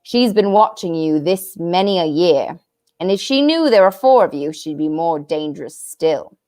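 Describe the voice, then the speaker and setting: A woman reads aloud as a kindly, earnest talking beaver from a storybook, giving him a folksy drawl. His lively voice swoops up and down as he explains things and warns of danger, delivered at normal speed with light acting and a warning mood.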